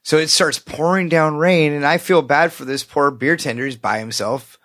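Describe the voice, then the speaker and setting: A man's voice: a little high, steady tone, moderate pace, a bit bright. A man co-hosting a podcast, telling a story loosely with plenty of swearing. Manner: loose and profane, quotes himself in raised voice. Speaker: podcast co-host. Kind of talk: casual chat, telling a story.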